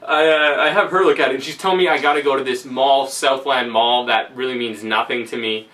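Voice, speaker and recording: A man's voice: mid-range voice, fairly even intonation, a little fast, pushed and bright, distant mic. A man casually telling a story, rambling and laughing, with lots of fillers. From Canada. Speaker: vlogger.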